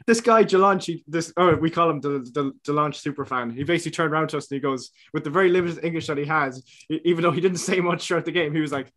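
Young irish guy telling stories on a podcast, a bit high-pitched, laughs a lot. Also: fast talker, few pauses, a bit bright. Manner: laughs often, chatty storytelling with restarts. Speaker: podcast co-host. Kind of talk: casual chat.

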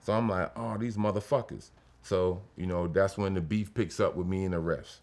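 A man in his forties, a former pro basketball player hosting a podcast, telling stories in a profane, animated way and loudly acting out what people said. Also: low-pitched, moderate pace. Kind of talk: casual storytelling chat.

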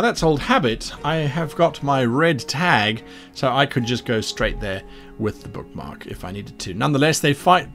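Animated rambling man explaining game prep. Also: mid-range voice. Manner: rambling, animated, many asides. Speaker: game master. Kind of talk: explaining adventure design.

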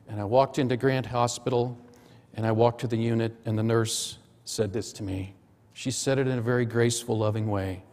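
Middle-aged preacher in a reverberant church. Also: male voice, medium pitch, darkish tone. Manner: personal anecdotes told in short phrases. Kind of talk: storytelling sermon. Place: church sanctuary.

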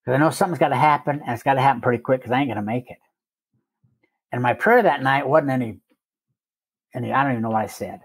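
An older man with a husky voice tells a plainspoken personal recovery story, repeating phrases for effect. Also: mid-range voice, fast talker, pauses often. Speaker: recovery meeting speaker.

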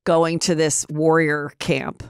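Woman podcast host, chatty storyteller, smooth voice, dry close sound. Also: level tone, takes it slowly, dry recording. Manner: chatty storyteller, acts out quotes in higher voices. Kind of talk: casual gossip chat.

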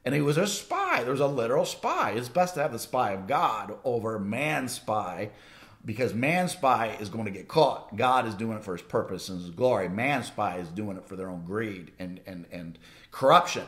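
A man's voice: lowish voice, very animated, normal speed, fairly bright tone. A man teaching on scripture in a loose, conversational way, with frequent false starts and restarts. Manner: rambling, many restarts, conversational. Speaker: Bible teacher. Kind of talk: informal sermon teaching.

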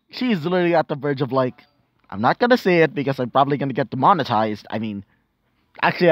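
A man's voice: medium pitch, dry recording. A man narrating improvised fan fiction in a rambling, casual way, with many fillers and self-corrections. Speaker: storyteller.

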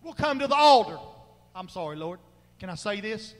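A male pastor preaching a fervent sermon, moving between shouted exhortation and quiet, low asides. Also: very animated, moderate pace, long reverb tail, poor audio. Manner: fervent, swings from loud crying out to low murmurs. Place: church sanctuary.

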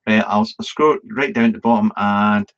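A man with a lowish, fairly bright voice hosts a live Q&A video stream at normal speed, rambling casually with plenty of ums and restarts. He's chatty and self-deprecating, swears occasionally, and the stream audio is dull and lo-fi.

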